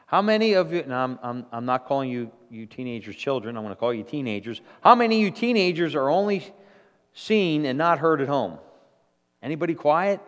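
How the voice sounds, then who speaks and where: Man, pastor preaching a sermon, lively pitch, a bit high, stumbling restarts, long church reverb. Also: brisk. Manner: animated preaching with repeated restarts. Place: church sanctuary.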